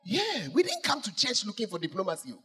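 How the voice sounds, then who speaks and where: A male pastor preaching a sermon, swinging between shouts and hushed asides as he teases the congregation. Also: high voice, huge pitch swings, brisk, breathy edge.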